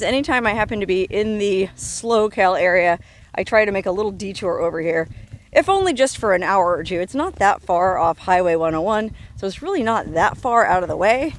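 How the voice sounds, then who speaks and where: A woman's voice: medium pitch, a little hiss or hum. A woman narrating a travel vlog outdoors on a coastal trail, in a wry, joking, self-mocking way. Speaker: travel vlogger.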